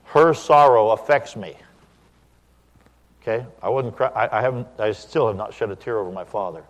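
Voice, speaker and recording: Low-voiced man preaching a sermon. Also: moderate pace, big-room sound. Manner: animated, acts out quoted dialogue, then turns quiet and reflective. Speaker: pastor.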